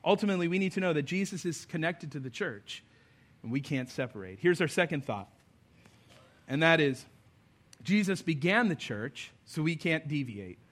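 Before a congregation at a church service, a male pastor delivers a sermon in a somewhat high, slightly bright voice with lively intonation and normal speed. He comes across as earnest and conversational, adding bits of humor.

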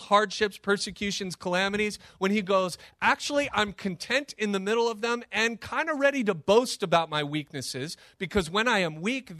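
A man preaching a sermon as pastor, animated and emphatic, with sudden rises and drops in his delivery. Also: high-pitched, no echo, clean studio sound.

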